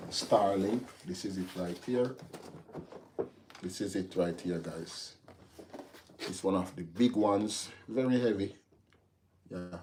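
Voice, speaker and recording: A man's voice: low-pitched, a little mellow, a little hiss or hum. A man from Jamaica with a Jamaican accent, hosting a casual livestream and answering viewer comments, turning heated and lecturing. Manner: talks straight to viewers, gets heated and lecturing. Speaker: livestream host.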